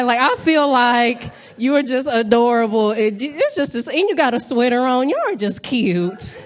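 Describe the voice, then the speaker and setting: A woman's voice: fairly high pitch, lively intonation, moderate pace, hardly any pauses. A young woman from North Carolina, doing a brash, playful stand-up set and talking straight to the crowd from a comedy club stage.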